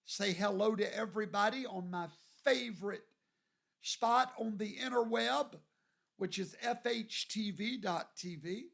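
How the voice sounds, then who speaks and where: A man from Louisiana, hosting a livestream and greeting viewers by name in a folksy, drawn-out way. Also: high-pitched, vocal fry, a bit bright. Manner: folksy, drawn-out, reads viewer names aloud. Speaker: show host.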